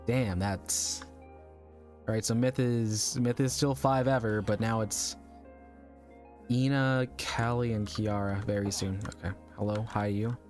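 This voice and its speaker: A man's voice: on the low side, fairly even intonation, a little slow, a little mellow, soft background music. A young adult man chatting casually to his viewers during a live game stream, rambling and laughing often, his voice a little strained. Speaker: VTuber streamer.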